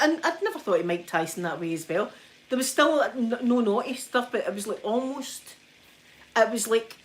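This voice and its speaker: A Scottish woman chatting in a soft ASMR style, telling stories with plenty of giggles. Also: on the high side. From Scotland. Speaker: vlogger. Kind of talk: ASMR chat.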